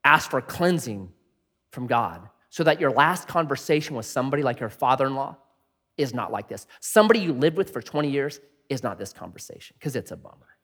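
A man preaching a sermon, switching between loud, emphatic passages and hushed ones. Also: mid-range voice, sing-song, fairly quick. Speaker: pastor. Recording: long hall reverb.

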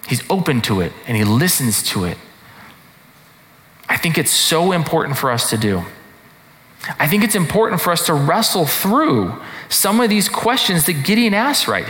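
Lively, conversational male preacher in a hall. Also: a little high. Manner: conversational, lots of rhetorical questions. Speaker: pastor. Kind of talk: sermon. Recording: echoey hall reverb.

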